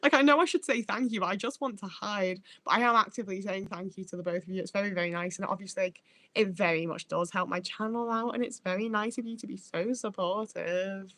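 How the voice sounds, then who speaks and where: A woman's voice: medium pitch, fairly even intonation, quick pace, fairly bright tone, no room sound. A woman livestreaming who reads out chat as she goes. She rambles, swears freely and trips over her own words.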